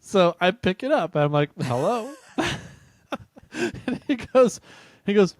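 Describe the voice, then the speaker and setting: A man's voice: high voice, big pitch swings, measured pace, dry recording, studio quality. A man hosting a podcast, chatting casually and retelling a funny story with laughter. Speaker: podcast host.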